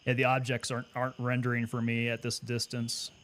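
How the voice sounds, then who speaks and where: Male streamer, mid-pitched, casual and chatty, thinks aloud while playing, faint background hiss. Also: monotone, brisk, fairly bright tone. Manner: chatty, thinks aloud, answers chat questions. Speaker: gaming streamer and Army veteran. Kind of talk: casual live gameplay commentary.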